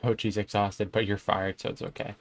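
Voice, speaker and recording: Low-key young man playing a game. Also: level tone, a little fast, creaky, no echo. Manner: casual, reads game text aloud in a low-key mumble. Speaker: gaming YouTuber. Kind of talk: let's play commentary.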